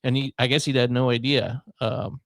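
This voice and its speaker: A man's voice: medium pitch, little pitch movement, moderate pace, gravelly, dry recording, studio quality. A man co-hosting a radio show, reacting and telling anecdotes in a laid-back, chuckling way. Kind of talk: casual radio chat. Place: radio studio.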